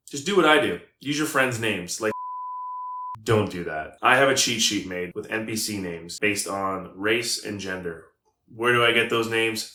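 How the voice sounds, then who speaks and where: A man's voice: fairly low pitch, sharp tone. A man hosting a casual advice vlog on running tabletop games, joking and talking straight to his viewers. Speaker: tabletop game master and video host. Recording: echoey room with faint music.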